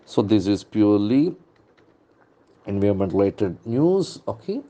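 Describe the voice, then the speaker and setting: Man teaching English, deep mellow voice. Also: very animated, measured pace. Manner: drills pronunciation by repeating words with stressed syllables. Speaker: English trainer. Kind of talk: newspaper vocabulary lesson.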